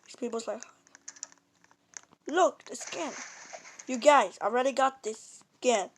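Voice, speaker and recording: A woman giving playful, excitable commentary while playing a video game, taunting and laughing as she goes. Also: on the high side, measured pace, slight background noise. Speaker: gamer.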